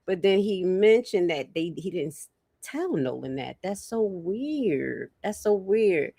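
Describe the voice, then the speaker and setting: A woman's voice: fairly low pitch, animated, measured pace, no room sound. Chatty woman livestream host, dry sound. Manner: chatty, reacts loudly, talks to her chat. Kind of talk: casual commentary on clips.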